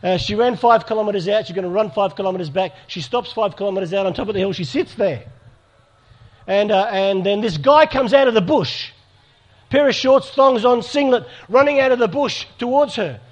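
A man's voice: sits high, normal speed. A middle-aged man giving an earnest talk to an audience, telling stories. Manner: storytelling, earnest, with acted dialogue. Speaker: speaker. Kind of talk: sermon to a live audience.

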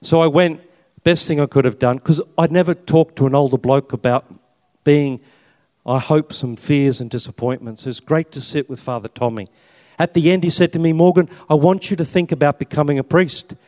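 A man's voice: mid-range voice, moderate pace, a little mellow. An Australian Catholic priest in his fifties giving a chatty personal testimony with slides and self-mocking humour. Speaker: Catholic priest and army chaplain. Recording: long reverb in a hall.

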